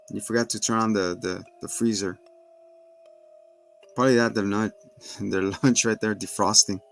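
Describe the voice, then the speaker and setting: A low-voiced man, an adult with children, hosts a casual recap of a TV episode, retelling scenes and acting out the characters' lines in a higher voice. The audio quality is poor.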